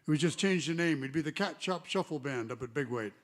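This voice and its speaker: A singer-songwriter chatting and rambling between songs at a live concert, telling stories with trailing asides. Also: male voice, a little high, animated, a little fast, a little hiss or hum. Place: live arts venue stage. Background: guitar.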